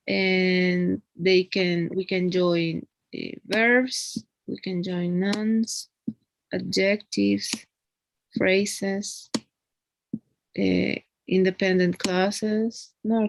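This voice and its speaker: A woman's voice: medium pitch, fairly even intonation, drawn-out words, rough recording. A woman teaching an English grammar lesson one on one, explaining patiently and often checking in with a tag question.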